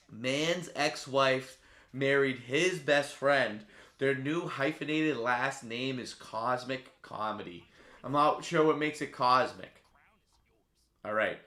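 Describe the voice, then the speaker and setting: A man hosting a live stream, calling a race play-by-play with sudden loud outbursts and casual banter. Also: medium pitch, echoey room. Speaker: stream host.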